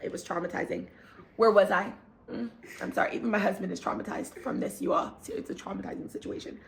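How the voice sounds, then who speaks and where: A young woman vlogger telling a travel story in a lively, animated way, sometimes acting out other people's lines. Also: mid-range voice, quick pace, gravelly, a little hiss or hum. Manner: animated, acts out voices and cries out while retelling. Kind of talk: storytime vlog, casual retelling. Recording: echoey room.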